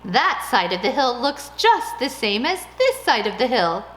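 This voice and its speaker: A pair of contented talking stones, put on by a woman reading aloud speak in a slow, sing-song storybook way. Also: fairly high pitch, very animated, fairly bright tone, roomy sound, slight background noise, low-quality recording. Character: simple contented hillside stones.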